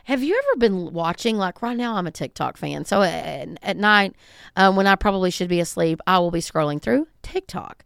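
A woman's voice: on the low side, expressive, normal speed, vocal fry, smooth, no room sound, clean studio sound. A middle-aged woman from the States, hosting a solo podcast in a conversational, emphatic way. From Southern United States. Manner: conversational, emphatic, acts out callers. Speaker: podcast host.

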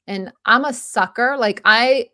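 A woman's voice: on the high side, a little slow, bright, forceful tone, dry recording, clean studio sound. A woman in her forties hosting a casual personal monologue, rambling and self-deprecating. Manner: rambling and self-deprecating, with many restarts and fillers.

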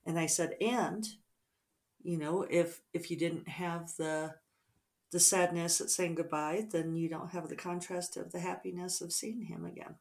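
A middle-aged woman author talking casually over morning coffee, reflective and rambling with soft fillers. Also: on the low side, little pitch movement, a little slow.

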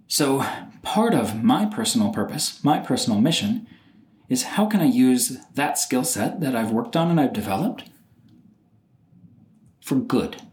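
A man talks through his own podcast in a loose, animated way, jumping into other people's voices as he tells stories. His pitch swings widely from phrase to phrase. The recording carries a noticeable roomy echo. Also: unhurried, long pauses, slight background noise. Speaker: podcast host. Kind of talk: solo podcast monologue.

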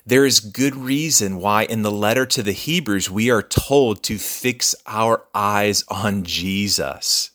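Male pastor, sermon, earnest, measured delivery, lowish voice. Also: sharp tone. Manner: earnest, measured, repeats key phrases.

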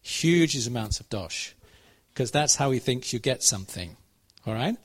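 A man gives a sermon in a relaxed, conversational way, retelling a Bible story and pausing to check in with his listeners. His pitch sits at an ordinary middle level. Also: husky. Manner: conversational, asks the audience questions. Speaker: preacher.

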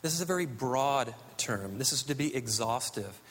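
A man's voice: mid-range voice, lively intonation, normal speed, fairly bright tone. A man from the United States preaching a sermon, telling stories earnestly. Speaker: pastor. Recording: long hall reverb.

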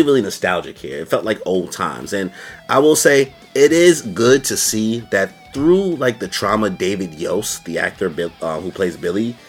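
A man giving a casual video review, talking in an animated, slangy way. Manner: animated, slangy, jumps into high-pitched quoted voices. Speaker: YouTube reviewer.

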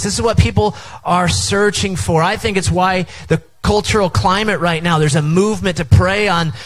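A middle-aged pastor with a high voice preaches a sermon at an outdoor tent service. He engages the crowd with call-and-response, telling them to turn to each other and repeat his words. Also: low-quality recording.

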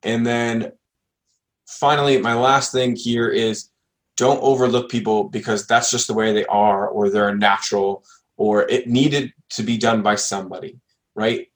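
Guy hosting a podcast, mid-pitched, earnest advice, keeps saying right?. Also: steady tone, measured pace. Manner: earnest, advice-giving, often tags "right?". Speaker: podcast host. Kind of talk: casual podcast chat.

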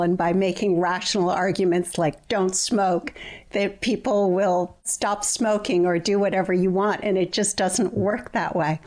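A woman's voice: medium pitch, darkish tone. A woman hosting an interview, commenting and asking her guest questions in a conversational way.

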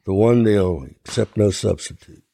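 An older man from Ohio, a songwriter guest, telling an animated anecdote in an interview and acting out the voices in it. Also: lowish voice, a little fast, vocal fry, no echo, studio quality. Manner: animated anecdote telling, acts out quoted voices, laughs often. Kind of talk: storytelling interview.

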